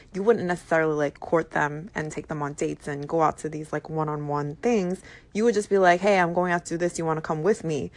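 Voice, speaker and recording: Chatty young woman with a low voice. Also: dry recording. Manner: chatty, thinks aloud with many fillers. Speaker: host. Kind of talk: casual chat.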